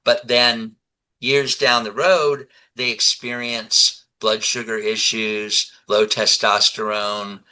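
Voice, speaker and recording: A man in his seventies, a guest in a conversational interview, telling animated stories and acting out the dialogue. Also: lowish voice, slow, poor audio. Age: 70s. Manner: animated storyteller who acts out dialogue.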